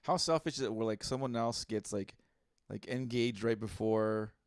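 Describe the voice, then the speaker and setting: In casual comedic chat on a podcast, a male co-host with a lowish voice reads out listener posts at normal speed and riffs bluntly, swearing and using many fillers. The studio sound is clean, with no echo.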